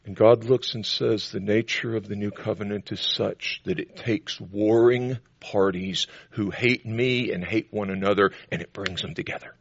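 A man preaching a sermon to a congregation, building to loud, emphatic declarations between calmer teaching passages. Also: lowish voice, moderate pace, few pauses, husky, dry recording, highs cut off. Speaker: pastor.

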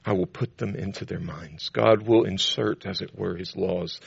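Gravelly-voiced man preaching emphatically. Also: steady tone, normal speed, hardly any pauses, no room sound, muffled recording. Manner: preaching with emphatic rises to loud high declarations. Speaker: pastor. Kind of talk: sermon.

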